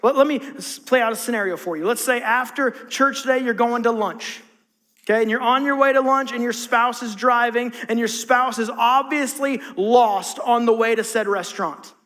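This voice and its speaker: Preaching in a church sanctuary, a male pastor talks conversationally and drives his points home through emphatic repetition. His very high-pitched voice is pushed and bright at a moderate pace, with long reverb from the hall.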